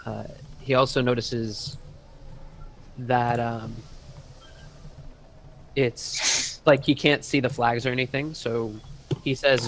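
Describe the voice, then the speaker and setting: Guy dming a tabletop game, rambly and casual, lots of uhs, normal pitch. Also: steady tone, slow, pauses often, fairly bright tone, a little hiss or hum. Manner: loose, rambling narration full of fillers. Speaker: dungeon master.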